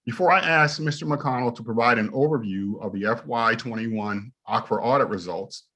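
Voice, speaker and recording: A man, an inspector general, reading prepared opening remarks at a hearing in a steady, formal way. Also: mid-range voice, moderate pace, breathy edge.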